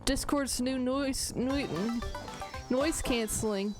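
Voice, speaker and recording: A woman's voice: sits high, slow pace. A woman streaming a game, chatting casually and playfully teasing, laughing often, with game music behind her. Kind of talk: casual live-stream chat.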